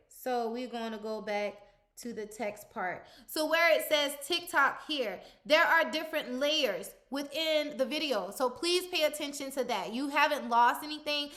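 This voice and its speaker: Bright high-voiced woman coaching casually. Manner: chatty, step-by-step instruction with frequent fillers. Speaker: content coach. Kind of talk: screen-recorded software tutorial.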